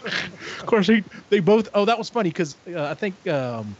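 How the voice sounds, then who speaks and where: A man co-hosting a casual podcast, retelling a story with lively acted-out voices and frequent swearing. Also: sits high, moderate pace, noisy background. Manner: animated retelling, acts out characters, swears freely. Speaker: podcast co-host. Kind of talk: casual book recap chat. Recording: dull lo-fi audio.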